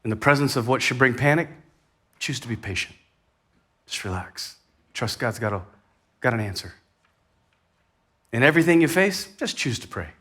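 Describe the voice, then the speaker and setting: A man preaching a sermon as a pastor in a church, talking conversationally, with sudden lifts in energy and quiet, soft drops. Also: medium pitch, expressive, normal speed, long pauses.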